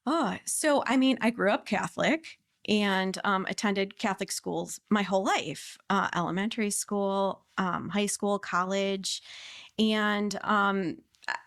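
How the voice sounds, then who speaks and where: A woman's voice: mid-range voice, unhurried, dry recording, studio quality. A woman in her late thirties, a podcast guest talking in a chatty, conversational way with many fillers. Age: 30s. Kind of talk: conversational interview.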